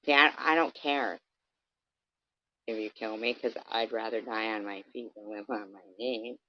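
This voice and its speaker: A woman's voice: rumbling low, fairly even intonation, moderate pace, no echo, dull audio. A woman delivering a confrontational, profane rant straight at someone on her livestream, sometimes mocking them. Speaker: vlogger.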